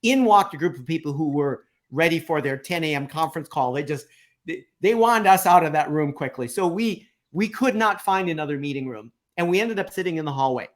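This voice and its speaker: A man hosting a live interview, giving advice through anecdotes in a slow, deliberate way. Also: a little high, animated. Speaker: podcast host and coach.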